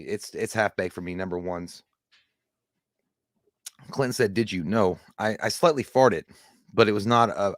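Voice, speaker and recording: A man's voice: on the low side, no echo, clean studio sound. A man co-hosting a livestream, rambling casually about movies, swearing and laughing often. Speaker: co-host.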